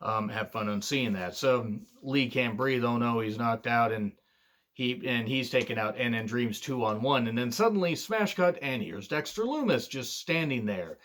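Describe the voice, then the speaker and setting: A man's voice: medium pitch, moderate pace, fairly bright tone. Blunt, swearing man ranting about wrestling. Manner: digressive, many fillers. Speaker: wrestling show reviewer. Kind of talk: casual opinionated review monologue.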